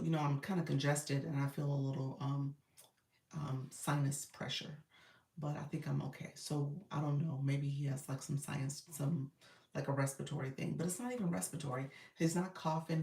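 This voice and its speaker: A woman's voice: deep voice, creaky, a little mellow. A woman coach chatting casually on a live stream, loose and talkative with lots of fillers. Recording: roomy, distant phone audio.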